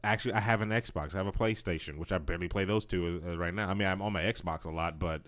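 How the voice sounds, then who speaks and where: A man co-hosting a casual podcast chat, rambling and halting with frequent restarts. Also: sits low, a bit bright. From United States. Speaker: podcast co-host.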